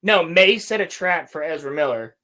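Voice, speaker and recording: A man's voice: on the high side, expressive, moderate pace, sharp tone. A man hosting a podcast, recapping a show in a rambling, sarcastic, casual way with some swearing. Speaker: podcast host reviewing a show. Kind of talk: casual chat.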